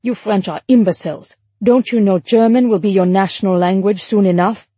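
A woman's voice: fairly low pitch, lively intonation, moderate pace, darkish tone, breathy edge, no room sound. A woman voicing an arrogant German soldier, a grown man who talks with contempt and mockery, in an audiobook. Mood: sneering. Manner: contemptuous, mocking.

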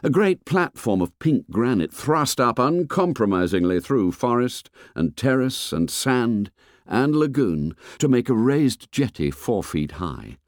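A man reading a novel aloud as an audiobook narrator, in an expressive storytelling manner. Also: medium pitch, unhurried, dry recording, studio quality. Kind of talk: scripted narration.

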